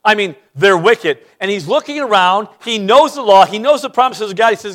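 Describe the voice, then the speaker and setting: A man preaching a sermon as pastor, emphatic, repeating words as he starts sentences and swinging between loud and quiet. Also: high voice, lively intonation, a little fast, few pauses.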